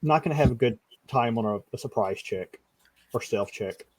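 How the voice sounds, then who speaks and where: A man acts as game master for a live tabletop session, his speech casual and halting, full of restarts and the occasional curse. His voice sits at an ordinary middle pitch. The sound is close and dry, with no room around it. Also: a little mellow, slightly rough, no room sound.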